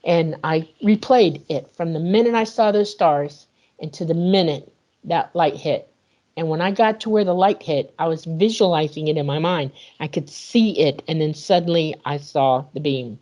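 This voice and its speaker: A woman guest in an interview, retelling a personal experience in an animated way and acting out the dialogue. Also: sits low, normal speed. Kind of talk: emotional personal storytelling.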